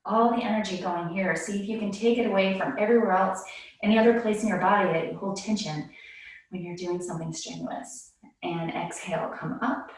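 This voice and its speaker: A woman leading a yoga class, calmly cueing breaths and movements, a little out of breath. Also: mid-range voice, brisk, heavy reverb, recorded from a distance, rough recording. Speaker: yoga instructor. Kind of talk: guided yoga class instruction.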